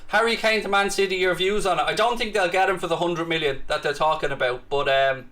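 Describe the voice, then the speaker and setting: Cocky Irish man with a high, bright voice. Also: fast. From Ireland. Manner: cocky, teasing banter with mock bravado. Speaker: livestream host. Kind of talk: casual live chat reading viewer comments.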